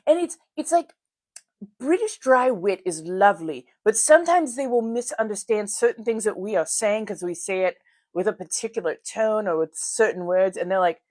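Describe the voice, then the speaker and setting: Her voice is medium in pitch and expressive, at a moderate pace, captured in clean studio sound with no room sound. She's a woman from the United States livestreaming as she applies makeup, chatty and laughing often as she warmly greets viewers by name.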